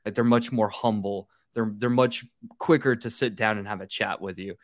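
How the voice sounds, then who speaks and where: A man's voice: on the low side, moderate pace, dry recording. Dry, casual-sounding male podcast host. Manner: animated storyteller, swears and laughs freely. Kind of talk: casual interview chat.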